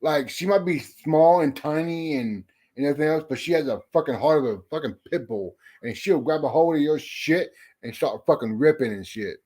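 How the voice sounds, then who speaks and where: A man's voice: on the high side, normal speed, few pauses, mellow, breathy edge. A man hosting a casual livestream chat, greeting viewers and talking bluntly with heavy swearing and frequent restarts. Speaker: livestream host.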